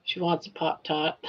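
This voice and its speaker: Older woman host, unhurried, teasing chat while crocheting, dull lo-fi stream sound. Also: sits low, fairly bright tone. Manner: chatty, teasing, laughs often, counts stitches aloud.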